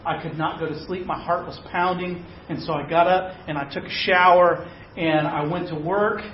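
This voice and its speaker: A man's voice: fairly high pitch, steady tone, normal speed, slight background noise. A man preaching, telling a personal story in a conversational, self-deprecating way. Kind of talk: sermon storytelling. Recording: echoey, dull-sounding room recording.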